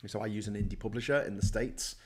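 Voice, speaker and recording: A man's voice: fairly low pitch, fairly even intonation, fast talker, a little hiss or hum. A middle-aged man hosting a casual livestream from his desk, rambling, swearing and joking as he reads out viewer comments. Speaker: live show host.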